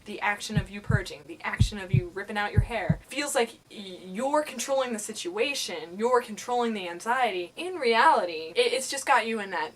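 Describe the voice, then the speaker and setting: A young woman talking casually to camera, animated and giggly, often slipping into silly voices. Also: medium pitch, moderate pace, few pauses, a little hiss or hum. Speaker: vlogger.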